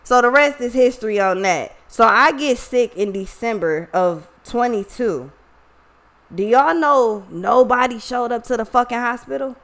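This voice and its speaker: A woman's voice: fairly high pitch, unhurried, a bit bright. A woman telling a personal story to her viewers in a casual, emotional, profanity-heavy way. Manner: profane, emotional, slangy, talks to viewers directly. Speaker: online reader and vlogger.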